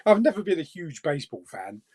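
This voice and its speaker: A man's voice: a little high, big pitch swings, a little slow, a little mellow. A man hosting a casual live chat stream and reading viewer comments, jokey, laughing often and swearing casually.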